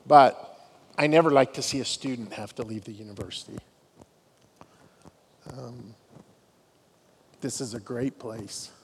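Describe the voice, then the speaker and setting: Campus dean telling stories in a hall. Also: male voice, mid-range voice, fairly bright tone, husky. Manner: storytelling, self-deprecating humor. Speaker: dean of students. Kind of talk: devotional talk to students. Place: large hall on a university campus. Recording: long hall reverb, faint noise.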